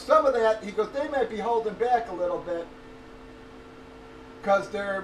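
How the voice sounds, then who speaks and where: High-voiced middle-aged man, casual profane venting, heard from across an echoey room with faint background noise. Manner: profane, blunt, laughs often. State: undergoing cancer treatment. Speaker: livestreamer. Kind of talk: casual chat. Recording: roomy echo, distant from mic, faint noise.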